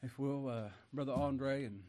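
A middle-aged man preaching a folksy sermon, going from loud declaiming to hushed words. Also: mid-range voice, fairly even intonation, a little slow.

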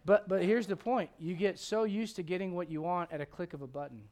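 A middle-aged man preaching a sermon to a congregation, animated and joking with the crowd, quoting God and people in playful voices. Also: sits high, fairly quick. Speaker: pastor. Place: church.

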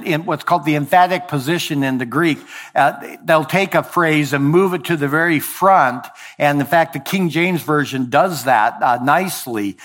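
Male preacher, slightly high-pitched. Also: a bit bright. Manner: deliberate preaching, slowing on key phrases, dropping low at line ends; occasional verbal slips and self-corrections. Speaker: pastor. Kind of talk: sermon.

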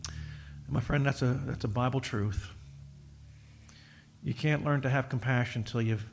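A middle-aged man preaching a sermon, emphatic, swinging from loud exhortation to quiet, with repeated restarts. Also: mid-range voice, big pitch swings, unhurried, vocal fry.

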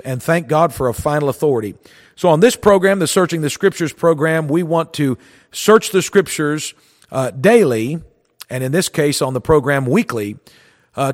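A man preaching a broadcast sermon as pastor and host of a radio Bible program, forceful and dogmatic, driving his points home with emphatic repetition. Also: on the high side, long reverb tail.

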